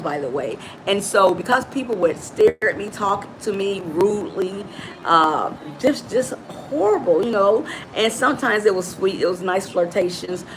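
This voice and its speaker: A middle-aged woman from Chicago, a motivational coach giving an animated, preachy talk straight to her listeners. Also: mid-range voice, a little hiss or hum, low-quality recording. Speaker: motivational coach and podcast host.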